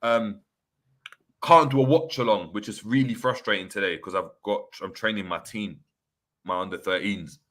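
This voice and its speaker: A man hosting a casual football livestream, chatty and relaxed with lots of fillers. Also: lowish voice, normal speed. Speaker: host.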